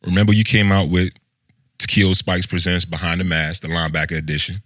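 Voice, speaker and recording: A man co-hosting a casual chat, laid-back and animated, full of slang. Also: low-pitched, a little fast, dry recording, studio quality. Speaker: co-host.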